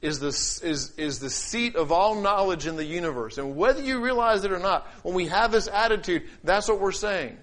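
A man delivering a sermon in a slightly raised voice. He declaims scripture boldly, then drops to quiet, low asides, and acts out everyday voices to make his point. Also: expressive, normal speed. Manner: shifts between loud declaiming and quiet asides. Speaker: pastor.

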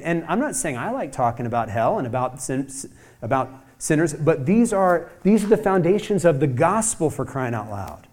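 A pastor preaches a sermon emphatically, firing off rhetorical questions and acting out quoted voices, his pitch rising and dropping as he does. His voice is very animated and darkish in tone, at a moderate pace.

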